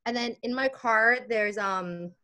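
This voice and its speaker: A woman's voice: a little high, unhurried. A young woman guest on a podcast telling a story in casual chat, acting out the dialogue as she goes. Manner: animated, acts out quoted dialogue, laughs often.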